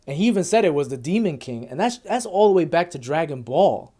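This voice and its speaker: Brief: man podcast co-host, warm mellow tone, relaxed casual recap chat. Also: fairly high pitch, brisk. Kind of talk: casual anime review chat.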